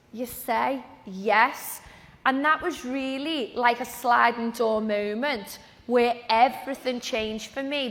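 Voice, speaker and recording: A woman's voice: on the high side, fairly bright tone. A woman telling a personal story on stage to a live audience, acting out the conversations she quotes. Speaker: speaker at a training event. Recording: reverberant hall sound.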